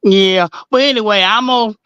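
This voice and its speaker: A woman's voice: mid-range voice, fairly quick, a bit bright, smooth, no room sound, dull audio. A woman in her sixties calling in to a live stream, cheerful and folksy, laughing easily. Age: 60s. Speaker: caller. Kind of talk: call-in chat.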